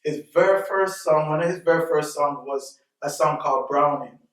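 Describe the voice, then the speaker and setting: A man joins a casual group discussion and explains his view through retold jokes and examples. His voice sits a little higher than most men's. He is recorded from a distance in an echoey room. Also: normal speed, fairly bright tone. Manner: explains points by retelling jokes and cultural examples.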